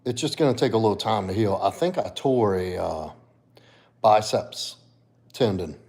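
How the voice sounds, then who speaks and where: A man's voice: fairly low pitch, expressive, normal speed, a little mellow. A man hosting a casual livestream, answering viewers in the chat and talking to his dog. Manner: laid-back, talks to his dog and viewers. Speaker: livestream host and fitness coach.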